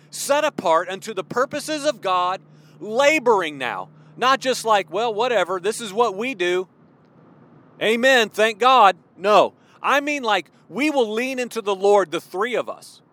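A man in his forties preaching a fervent, worked-up sermon, at times yelling. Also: high-pitched. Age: 40s. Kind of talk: impassioned sermon.

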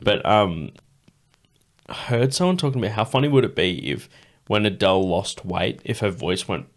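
A man hosting a casual podcast, his lowish voice swinging widely as he rambles through stories. He swears freely and breaks into laughs. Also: lively intonation, normal speed. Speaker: podcast host. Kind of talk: casual chat.

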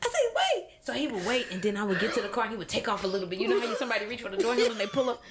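A woman comedian guest on a casual podcast, telling animated stories and laughing through her lines. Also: medium pitch, racing, over a noisy crowd. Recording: loud background noise.

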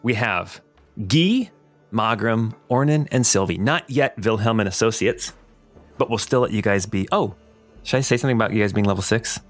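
A man narrating a tabletop game as game master, hesitant with fillers and quick to laugh. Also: fairly low pitch, faint music behind.

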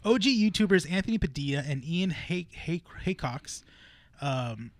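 A man's voice: a little high, animated, moderate pace. A man co-hosting a podcast in casual chat, easygoing and agreeable, often saying yeah. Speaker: podcast co-host.

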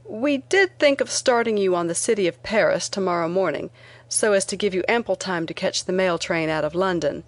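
A woman reading as a quiet, kind newspaper editor. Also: fairly low pitch, dry recording, natural voice. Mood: calm. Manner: quiet, measured. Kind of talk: audiobook reading.

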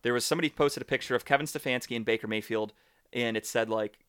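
Casting a man for a sports podcast: blunt, swearing, animated ranting, dry close mic. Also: medium pitch, fast talker, clean tone, no echo. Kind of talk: casual sports chat.

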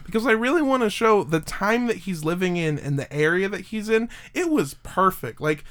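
A man's voice: sits high, expressive, moderate pace, fairly bright tone. A man hosting a podcast, telling a story in a rambling, joking way with many fillers. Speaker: podcast host. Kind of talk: casual chat, telling a story.

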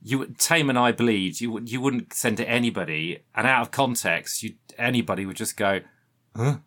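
A man's voice: lowish voice, fairly quick, a bit bright. A man co-hosting a casual music chat, wry and emphatic, poking fun at himself. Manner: wry, self-deprecating, emphatic. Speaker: podcast co-host.

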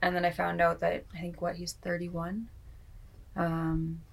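A woman's voice: lowish voice, completely flat delivery, unhurried, creaky. A woman, an outreach van worker, speaking heartfelt and reflective in a documentary interview.

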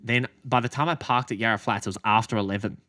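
An Australian man co-hosting a podcast, telling a story in casual chat, animated and swearing freely as he acts out what people said. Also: medium pitch, fast, no echo, studio quality. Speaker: podcast co-host and running coach.

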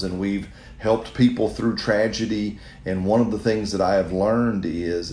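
A man's voice: sits low, a little mellow, echoey room. A middle-aged man, a pastor, answering a question in an earnest, conversational sermon style, speaking straight to his listeners. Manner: earnest, conversational, with restarts and direct appeals to listeners.

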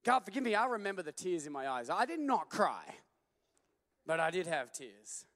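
A man preaching a sermon as a pastor, telling stories animatedly and at times rising to a shout. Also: fairly high pitch, very animated, moderate pace, long reverb tail.

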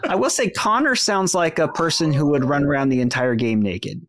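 A man in casual podcast chat, hesitant and full of fillers, cracking jokes between halting thoughts. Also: on the high side, lively intonation, fairly bright tone. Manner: hesitant, heavy fillers, jokey. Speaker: podcast guest, content creator.

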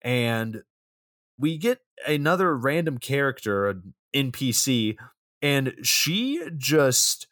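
Lively man recapping a movie, chuckling. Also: takes it slowly, no echo, clean studio sound. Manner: loose, chuckling plot recap with lively swings in pitch. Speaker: podcast co-host reviewing a film. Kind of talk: casual chat.

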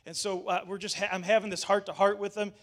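A man's voice: sits high, flat delivery, fast, a bit bright. A male pastor telling a personal story in a casual sermon, chatty with fillers and restarts, acting out what people said.

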